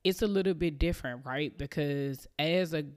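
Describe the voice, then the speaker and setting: A woman's voice: low-pitched, moderate pace, darkish tone. A woman in her thirties hosting a podcast, telling a personal story in a casual, chatty way, with plenty of fillers and small laughs, acting out her family's lines as she goes. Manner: acts out family members' lines. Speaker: podcast host.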